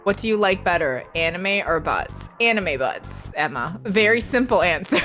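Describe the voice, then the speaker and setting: A woman streamer chatting casually with her viewers while playing a game, giggly and excitable, squealing when she greets people. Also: mid-range voice, moderate pace, soft background music. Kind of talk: casual livestream chat with viewers.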